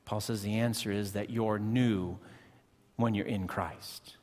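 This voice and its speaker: A man's voice: steady tone, a little mellow. Man preaching emphatically in a reverberant church. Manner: emphatic, rising to stress key words then dropping low and slow. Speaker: pastor. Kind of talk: sermon. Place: church sanctuary.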